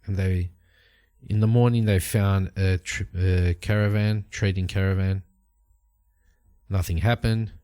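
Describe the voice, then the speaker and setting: A man's voice: deep voice, fairly even intonation, a little slow, mellow, smooth. A man hosting a solo tabletop game, narrating the story and musing aloud as he checks tables and rolls dice. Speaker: host and solo game player.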